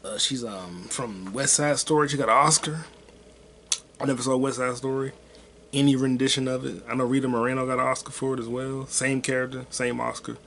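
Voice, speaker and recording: A man's voice: mid-range voice, fairly even intonation, brisk, creaky, fairly bright tone, slight background noise. A man hosting his own podcast alone, rambling casually with lots of swearing and offhand self-deprecating jokes. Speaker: podcast host. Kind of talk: casual solo podcast rant.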